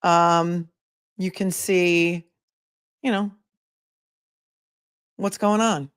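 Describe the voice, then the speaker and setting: A woman with a slightly low voice hosts a casual livestream, talking loosely and musing aloud as she reads viewer comments. The sound is dry and close, with no room in it. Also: steady tone, very slow, clear, resonant tone, dry recording. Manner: chatty, thinking aloud with many asides. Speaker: attorney and commentator.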